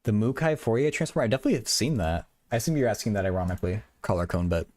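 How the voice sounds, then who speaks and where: A man's voice: lowish voice, racing, darkish tone. A young man hosting a livestream, chatting casually with viewers, stuttering and repeating words, from a small apartment bedroom. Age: young adult. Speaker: livestream host.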